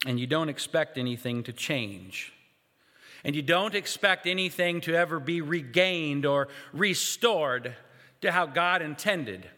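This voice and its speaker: Slow-preaching man in an echoey church. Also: fairly high pitch, expressive, pushed and bright. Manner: slow, measured, guided pauses with rhetorical questions. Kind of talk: sermon. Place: church sanctuary. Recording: echoey church hall with long reverb.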